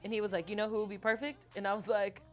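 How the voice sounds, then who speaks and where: A young adult woman singer-songwriter in a casual interview, telling stories with frequent laughter and reading her own lyrics aloud softly. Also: mid-range voice, rapid-fire, over music. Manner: animated storytelling, laughs often.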